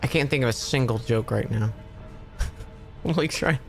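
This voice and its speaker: A man's voice: medium pitch, a little fast, faint music behind. A male streamer casually telling a long joke on a live stream, rambling and interrupting himself with restarts. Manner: rambling, self-interrupting storyteller.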